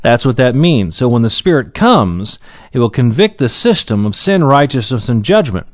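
A man's voice: medium pitch, sing-song, dry recording. Man, Bible teacher, earnest sermon delivery, slightly dull dry recording. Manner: earnest, slows to read Scripture aloud.

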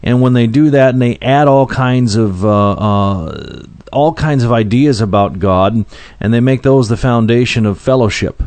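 A man gives a conversational sermon-style Bible teaching at a middle pitch. He speaks plainly, often pausing on fillers and restarting phrases. The recording is dry and close. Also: a little mellow, no echo. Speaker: preacher.

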